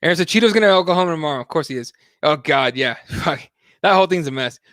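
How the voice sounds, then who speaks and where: A man hosting a live online talk show rambles through a casual, swearing-laden rant. His voice sits a little high for a man, and the sound is dry and close, with no room in it. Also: expressive, fast talker, fairly bright tone, no echo. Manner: profane, rambling, heated. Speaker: host.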